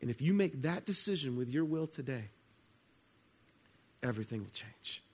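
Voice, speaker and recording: A man preaching a sermon as pastor, earnest, moving between loud emphasis and hushed, slowed phrases. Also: mid-range voice, expressive, slightly rough.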